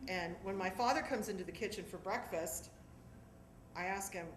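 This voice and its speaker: A woman's voice: medium pitch, normal speed. Woman telling a memoir on a theatre stage. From Southern California. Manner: animated, acts out voices. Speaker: storyteller performer. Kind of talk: one-woman stage monologue. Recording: echoey theatre with background noise.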